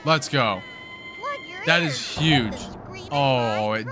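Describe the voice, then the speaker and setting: A young man hosting a gaming video, giving excited let's-play commentary and cheering his team on with slangy outbursts. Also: on the high side, slow, long pauses, background noise. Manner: hyped, yelling at the game, slangy.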